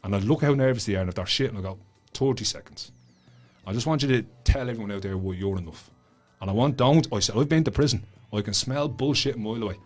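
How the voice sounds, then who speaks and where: Dublin guy, husky voice, blunt and sweary, telling stories on a podcast, bit of music behind. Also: on the low side, fast talker. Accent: Dublin Irish. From Ireland. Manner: blunt, swears a lot, animated storytelling. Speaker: guest author and school speaker. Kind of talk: casual podcast chat. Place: studio.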